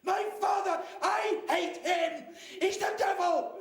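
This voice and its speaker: A shrieking, very high woman's spirit rants in defiant bursts, as a male medium channels her. Her drawn-out cries ring through an echoey room heard from a distance. She sounds manic and trapped. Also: a faint crowd. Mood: furious. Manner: shouting, manic laughter, defiant. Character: angry trapped woman spirit, ranting, wild. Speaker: medium in a trance.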